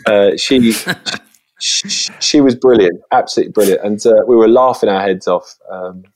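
A man, a guest chatting casually and acting out lively voices in his stories. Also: on the low side, normal speed. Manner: chatty storytelling, lively voices when quoting. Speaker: guest, children's TV presenter. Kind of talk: casual interview chat.

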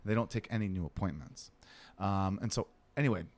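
A man's voice: sits low, fairly quick. A man telling a story in casual chat, swearing freely and acting out the other people in it. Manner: animated, swearing, acts out other people's lines.

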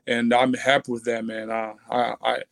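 A man from Brazil with a Brazilian accent, a guest in a casual interview, who talks haltingly, repeats words and thanks people warmly. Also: mid-range voice, level tone, gravelly, dry recording. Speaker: guest fighter.

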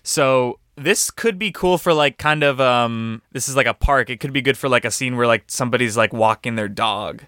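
A man's voice: medium pitch, normal speed, few pauses, bright, forceful tone, smooth. A man performing an improvised comedy scene as a meek, rambling tour guide.

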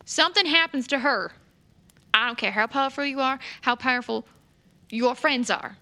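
A woman voicing a fiercely protective adventurer who turns threatening and loud. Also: sits high, lively intonation, normal speed, pitched above the performer's own voice, heavily acted. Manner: angry, threatening.

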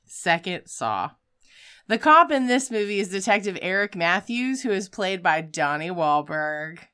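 Bright, clear-voiced woman telling a story animatedly. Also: medium pitch, measured pace. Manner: animated storytelling, acts out scenes with shouts. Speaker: podcast host recapping films. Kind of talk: casual chat.

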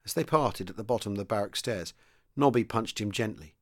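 Man narrating a war novel. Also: brisk. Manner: steady reading, lifts his pitch and volume for the dialogue. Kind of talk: audiobook narration with character voices.

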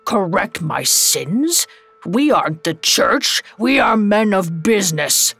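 A woman's voice: medium pitch, sing-song, slow, a bit bright, husky, no room sound, heavily acted. A woman playing a miserly old man who is skeptical and frightened, with a scoffing, flustered manner. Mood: alarmed.

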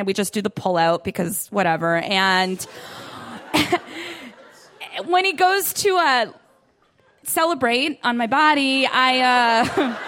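Giggly, animated young woman comic. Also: high voice, a little hiss or hum. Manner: animated, giggly, self-deprecating. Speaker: stand-up comedian. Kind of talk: stand-up set. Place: comedy club in Brooklyn. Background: audience laughter.

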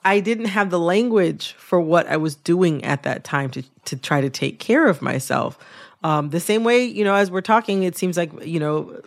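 A woman's voice: fairly low pitch, animated, moderate pace, gravelly. Reflective woman hosting a radio interview. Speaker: radio show host. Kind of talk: conversational interview.

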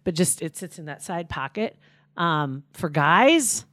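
A woman's voice: lowish voice, lively intonation, a little slow, a bit bright, no room sound. A woman co-hosting a casual chat, talking easily and laughing along. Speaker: co-host.

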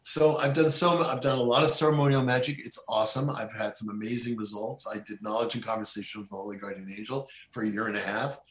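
A man's voice: lowish voice, fairly even intonation, quick pace, few pauses, a bit bright. A middle-aged man talking casually as a podcast guest, rambling with many restarts and fillers. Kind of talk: casual conversation. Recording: echoey room.

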